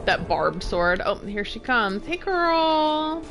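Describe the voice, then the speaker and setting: A woman's voice: fairly high pitch, big pitch swings, takes it slowly. A young woman chats through a game stream, tired and yawning but still laughing often. Her voice rises and falls a lot as she reads item text aloud and trails off mid-thought. Faint music plays behind her. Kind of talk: casual live-stream commentary.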